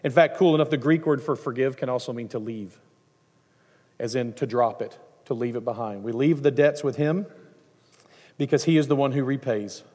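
A middle-aged man, a pastor, preaching a sermon in a conversational, animated way, with asides and acted-out quotes. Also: mid-range voice, moderate pace. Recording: long hall reverb.

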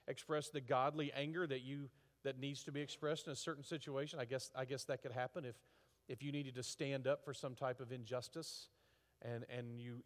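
Guy preaching in a church, casual and halting, lots of um and restarts, long echo off the hall. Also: medium pitch. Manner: conversational, halting with fillers and restarts; rising to emphatic rhetorical questions. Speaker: pastor. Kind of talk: sermon. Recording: reverberant hall.

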